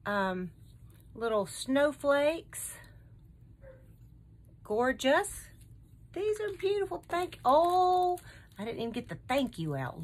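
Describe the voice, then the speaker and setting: A woman's voice: mid-range voice, slight background noise. A middle-aged woman hosting a craft channel, unboxing a gift swap and gushing over each item she finds.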